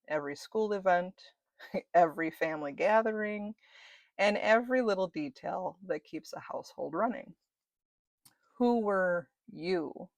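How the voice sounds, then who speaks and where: A woman hosts a wellness podcast in a gentle, reflective monologue, often pausing to ask the listener questions. Her voice sits a little low and carries a gravelly fry. The sound is close and dry. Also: dry recording. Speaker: podcast host and wellness mentor.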